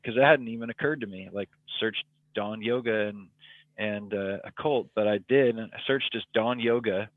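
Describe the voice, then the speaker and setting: A man's voice: medium pitch, steady tone, normal speed, no echo. A man, a podcast guest telling a personal story in casual, rambling talk full of ums and likes. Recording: tinny phone-like line, dry.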